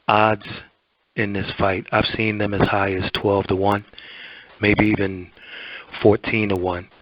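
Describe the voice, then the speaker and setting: A hoarse man hosting a boxing interview show, talking in a halting, rambling way. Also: sits low, no room sound. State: hoarse, voice almost gone. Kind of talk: radio-style interview and commentary. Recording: dull lo-fi dry recording.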